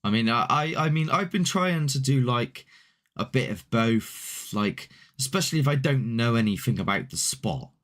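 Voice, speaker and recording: A man's voice: medium pitch, lively intonation, normal speed, a bit bright. A man, a paranormal investigator hosting a casual chat, rambling and laid-back with mild swearing. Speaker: paranormal investigator and show host.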